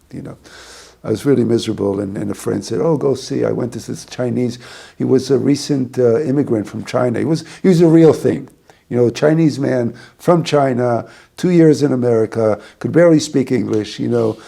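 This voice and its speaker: A man's voice: medium pitch, gravelly, mellow. A man, a rabbi, giving an informal talk to a small group, rambling through a story with many restarts.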